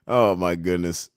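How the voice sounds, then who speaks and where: A man's voice: low voice, smooth, no room sound, clean studio sound. A man from Washington, D.C. hosting a casual livestream, reading chat comments aloud and laughing often.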